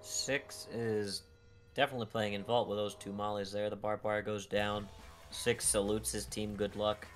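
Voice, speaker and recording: A man's voice: fairly low pitch, little pitch movement, moderate pace, faint music behind. A man casting an esports match play-by-play, his energy rising when the fights break out. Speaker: esports caster.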